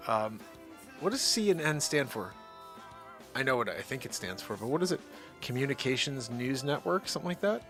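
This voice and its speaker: A man hosting his nightly live show, joking around and swinging between loud hype and low mutters. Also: sing-song, moderate pace, soft background music. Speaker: host. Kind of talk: comedic live-stream banter.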